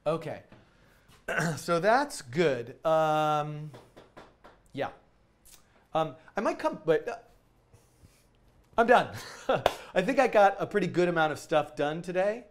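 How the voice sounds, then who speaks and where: A man with a voice pitched a bit above most, teaching casually on a live stream. He talks in an enthusiastic, rambling way, full of ums and self-corrections, now and then drifting away from the mic. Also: animated, slow pace, pauses often, a little hiss or hum.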